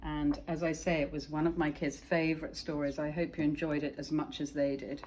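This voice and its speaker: A woman, a parent, reading a children's story aloud in a gentle, expressive narrating voice. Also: low-pitched, a little fast, a little hiss or hum.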